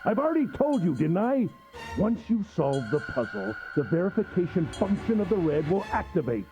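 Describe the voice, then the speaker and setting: A creepy polite villain, taunting, voice swinging way up and down, muffled game audio with music. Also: male voice, high voice, big pitch swings, normal speed. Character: sadistic gentlemanly male captor, cold and mocking.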